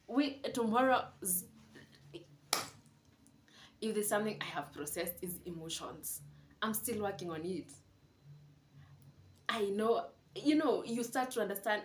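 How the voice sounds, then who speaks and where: A woman's voice: medium pitch, moderate pace. A young woman, talking candidly and confidingly to camera in a casual vlog from her home. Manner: candid, confiding, mixes in Swahili words. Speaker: vlogger. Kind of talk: casual reflective monologue. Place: room at home. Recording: echoey room with faint ambient noise.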